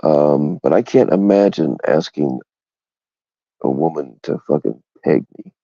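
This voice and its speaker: A man's voice: rumbling low, unhurried, gravelly, mellow, no room sound, dull audio. A man co-hosting a crude casual chat, rambling and frank, and he laughs often.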